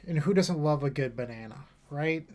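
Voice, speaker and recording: A man's voice: a little high, normal speed, darkish tone. A man casually commentating his own card game play, rambling with self-mocking asides. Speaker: gameplay streamer.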